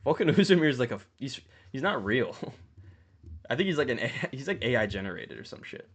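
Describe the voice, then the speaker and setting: A man's voice: big pitch swings, brisk, slightly rough. Rambling, profane young man. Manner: rambling, swearing, jumps up in pitch for emphasis. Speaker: mma commentary host. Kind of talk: casual profane ranking commentary.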